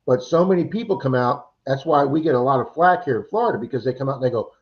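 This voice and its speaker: Male host, casual livestream talk, lively storyteller, dull lo-fi sound. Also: mid-range voice, fast talker. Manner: animated storyteller, acts out quoted voices. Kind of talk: casual chat. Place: Florida.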